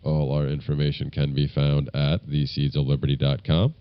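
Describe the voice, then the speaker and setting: A man co-hosting a podcast, talking casually and arguing loudly about politics. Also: extremely low pitch, completely flat delivery, normal speed, clear, resonant tone, dry recording, dull audio. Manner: loud, argumentative. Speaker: podcast co-host.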